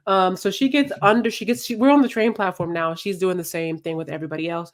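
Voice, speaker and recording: A woman's voice: on the low side, quick pace, hardly any pauses. A woman hosting a podcast, telling a story in casual, slangy chat. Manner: animated, slangy, acts out quotes. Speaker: podcast host.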